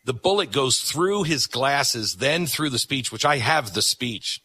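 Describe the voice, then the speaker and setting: A man hosting a conversation, telling a story in an animated way. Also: medium pitch, a little slow, husky, dry recording. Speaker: host. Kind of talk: casual conversation.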